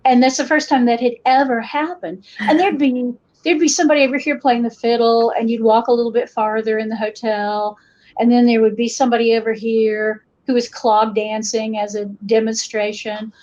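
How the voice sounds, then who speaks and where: A middle-aged woman from western North Carolina with an Appalachian accent, talking in an interview, lively and acting out the voices she quotes, with frequent restarts. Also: fairly high pitch, moderate pace, highs cut off. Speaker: guest, folklorist and educator. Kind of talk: conversational interview storytelling.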